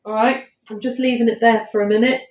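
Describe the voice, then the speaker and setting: Streaming live on her phone from a house at night, this woman is a paranormal investigator who rambles casually and fills her talk with ums. She speaks quickly in a slightly high voice with fairly even intonation; the highs are cut off, and the space sounds roomy and echoey.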